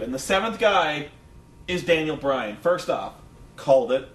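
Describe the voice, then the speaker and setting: Unhurried yet animated, a man co-hosting a wrestling review show talks casually, rambling with lots of swearing and fillers. His voice is a little high and fairly bright. There's a faint hum, and the distant mic makes the room sound echoey.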